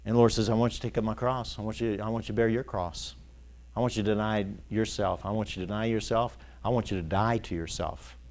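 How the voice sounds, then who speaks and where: A man's voice: fairly low pitch, fairly even intonation, quick pace, darkish tone. A man preaching a sermon as pastor, asking his congregation to finish his sentences and telling folksy stories with chuckles. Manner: call-and-response questions to the congregation.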